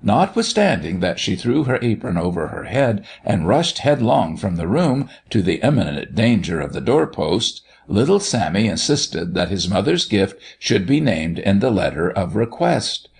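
Guy narrating an old christmas story, gravelly husky voice, lots of pitch swing. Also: normal speed, hardly any pauses. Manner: expressive, animated reading. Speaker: audiobook narrator.

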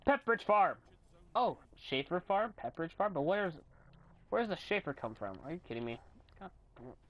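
A young man giving rambling, goofy commentary while recording his own game, often bursting into yells and silly voices. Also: fairly high pitch, big pitch swings, a little fast. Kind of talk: gameplay commentary.

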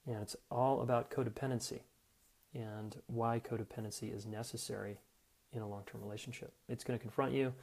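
A middle-aged man hosts a relationship advice podcast at an average pitch. He talks frankly and casually, slipping into short quoted lines as he acts out what partners might say to each other. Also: vocal fry, a little mellow. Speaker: podcast host and relationship coach.

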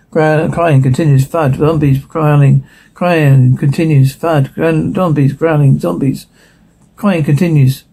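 A man reads a screenplay aloud, sound cues and all, in a flat, listing manner. His voice is gravelly and husky, with a dark, mellow tone and a slightly raised pitch. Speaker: reader of a screenplay transcript. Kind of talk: reading a script aloud, sound cues included.

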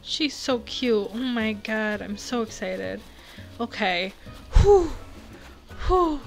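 A young woman giving rambling, giggly, excitable casual commentary while she plays a video game, with faint game music behind her. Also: medium pitch, slow, vocal fry. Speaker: gaming video creator.

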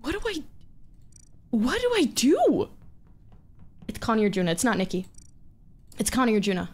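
A woman's voice: fairly high pitch, huge pitch swings, moderate pace, faint music behind. A young woman live-streaming a game with friends, panicking, swearing and shrieking with laughter. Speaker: streamer playing a social deduction game.

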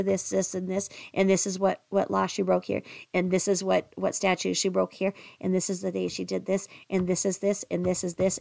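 A woman's voice: medium pitch, gravelly, a little mellow, no room sound. A woman hosting a livestream commentary, speaking emphatically and repeating herself for effect. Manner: emphatic, repetitive, reads chat aloud. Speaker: commentary channel host.

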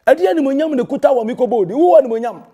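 A man's voice: extremely high pitch, expressive, very fast, warm tone. A Ghanaian man, a pastor, delivering a heated and confrontational rebuttal that scolds a rival and mixes in English phrases.

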